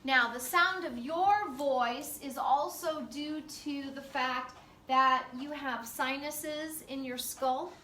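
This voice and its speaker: High bright woman lecturing in echoey room. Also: slow, slight background noise. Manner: conversational, chatty with fillers. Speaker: teacher. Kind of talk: classroom lecture. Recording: echoey classroom from far off.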